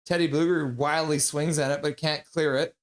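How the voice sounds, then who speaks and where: Excitable man calling hockey play-by-play. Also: a little high, normal speed. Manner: excitable, blunt, talks to chat viewers. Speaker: streamer doing fan play-by-play. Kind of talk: live hockey play-by-play with chat banter.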